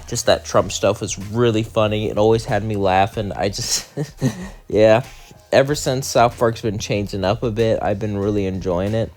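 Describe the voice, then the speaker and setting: A man hosting his own channel, talking casually and ranting bluntly and emphatically about his opinions. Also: lowish voice. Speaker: channel host. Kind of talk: casual monologue and rant.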